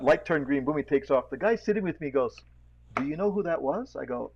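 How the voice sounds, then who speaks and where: A man hosting a casual video podcast, with a lilt, telling animated stories and acting out the voices of the people in them. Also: a little high, a little fast, vocal fry, highs cut off, a little hiss or hum. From Hawaii. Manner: animated storyteller, acts out voices, laughs often. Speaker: podcast host. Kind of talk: casual chat with storytelling. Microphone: video call.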